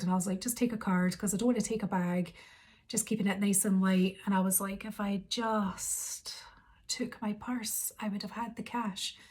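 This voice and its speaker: Chatty woman, husky voice. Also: medium pitch. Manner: rambling, animated retelling with quoted inner thoughts. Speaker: vlogger. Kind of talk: casual chatty storytelling.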